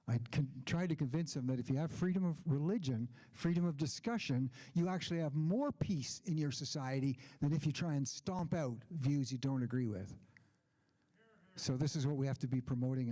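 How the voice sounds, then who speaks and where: Mellow-voiced man giving a keynote. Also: on the high side, moderate pace. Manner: anecdotal storytelling with asides. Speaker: keynote speaker. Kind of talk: conference keynote speech.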